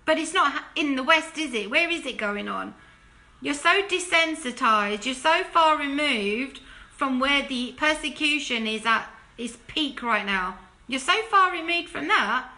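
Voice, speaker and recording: A woman preaching straight to camera in an emphatic, fired-up monologue, her voice bright and forceful. She sits a little high for a woman and hammers her points home with one rhetorical question after another. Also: lively intonation, a little slow. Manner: drops to a hushed, low plea when urging repentance. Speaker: Christian video commentator. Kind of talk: impassioned direct-to-camera monologue.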